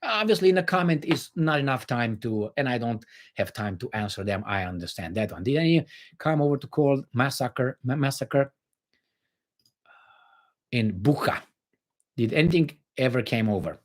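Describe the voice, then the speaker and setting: Romanian-accented male livestream host, lively pitch swings, blunt and sarcastic chat commentary. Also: normal speed. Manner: animated, sarcastic, blunt with swearing.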